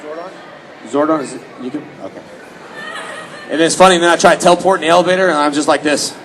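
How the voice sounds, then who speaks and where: Quick and fairly high-pitched, this man is heard on a low-quality recording with some chatter behind him and a little hiss or hum. A Houston native around his late thirties, he entertains a fan audience as a convention panelist with animated, joking stories and mock-voiced quotes.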